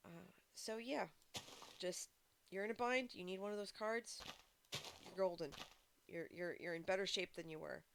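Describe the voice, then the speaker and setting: A woman's voice: lowish voice, normal speed, vocal fry, pauses often, noisy background. A woman live-streaming a game, chatting casually with her viewers in a rambling way full of fillers and restarts. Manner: talks to chat viewers. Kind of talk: casual live-stream chat while playing.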